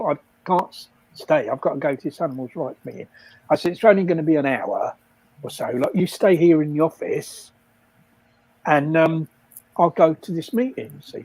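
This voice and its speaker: A man's voice: fairly high pitch, slightly rough, rough recording. An older man, telling rambling stories in casual chat on a livestream, often laughing and acting out the people he quotes. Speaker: livestream guest storyteller.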